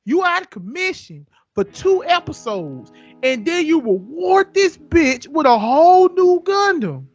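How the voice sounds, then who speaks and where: Profane, heated podcast ranter. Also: male voice, very high voice, very animated, a little slow, dry recording, faint music behind. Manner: heated, profane, repetitive ranting. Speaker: podcast co-host. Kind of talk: casual podcast rant.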